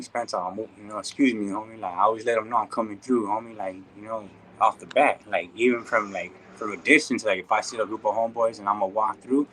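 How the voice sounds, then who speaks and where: A low-voiced man vlogs straight to his viewers. He talks in a laid-back, slang-heavy way. There is a faint hum behind him. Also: a bit bright, rough recording. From Inland Empire, California. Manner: slangy, laid-back, calls listeners "dog" and "homie". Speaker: YouTube content creator. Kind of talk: casual vlog talk to viewers.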